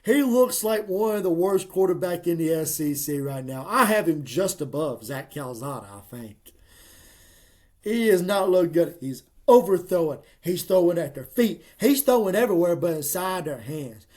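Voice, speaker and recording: A man giving casual, emphatic college football picks in a folksy, excitable way. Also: high-pitched, normal speed. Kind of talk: casual sports picks monologue.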